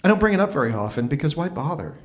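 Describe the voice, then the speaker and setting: A man from Toronto, telling a story live at an open mic in a wry, animated, self-mocking way. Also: a little high, rapid-fire. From Toronto, Canada.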